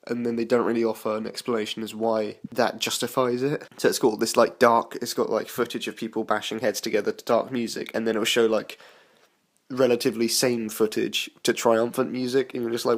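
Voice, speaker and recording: A man's voice: mid-range voice, fairly even intonation, fast talker. A young man from the United Kingdom giving a casual spoken film review, rambling with frequent fillers and restarts.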